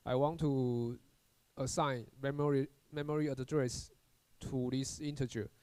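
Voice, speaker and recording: A male university lecturer walks through programming code in a recorded lesson, at a middle pitch for a man. He talks haltingly, repeating words and starting over with frequent "uh"s. The recording is close and dry, with no room sound. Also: fairly even intonation, a little mellow, clear, resonant tone, dry recording. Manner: halting, repeats words and restarts, many "uh" fillers.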